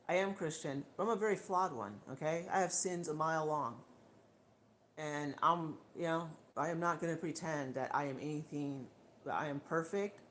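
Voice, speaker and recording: Her voice sitting low, a woman livestreams a casual, blunt rant to camera, indignant and repeating her points often. The camera mic picks up slight background noise.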